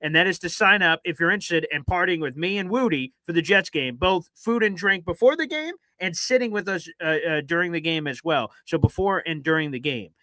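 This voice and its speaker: Fast-talking high-voiced male host. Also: no room sound. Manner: fast-talking, energetic, chatty. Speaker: podcast host. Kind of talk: casual live-stream chat.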